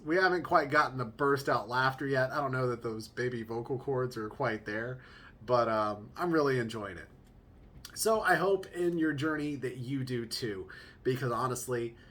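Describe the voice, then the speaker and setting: A young man hosting a casual podcast as a new father, telling stories in a joking, chatty way with quick asides. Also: mid-range voice, a bit bright, slight background noise. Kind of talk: casual storytelling monologue.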